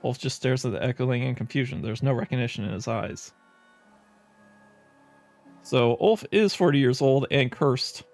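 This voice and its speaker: A man's voice: mid-range voice, lively intonation, normal speed, vocal fry, long pauses, darkish tone, faint music behind. A man streaming a game, reading its text aloud and adding dry, joking asides.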